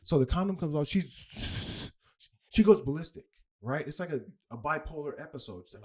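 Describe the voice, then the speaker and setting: Slightly high and a little mellow, this young comedian's voice is expressive and moderately paced. Appearing as a guest, he tells a long personal story in a candid, rambling way, constantly tossing in "like" and "right?".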